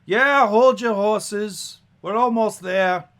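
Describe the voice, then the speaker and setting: A man voicing a brash woman carriage driver who yells back over her shoulder in a tabletop game. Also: high voice, a little slow, pitched above the performer's own voice. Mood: hollering. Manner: loud hollering calls.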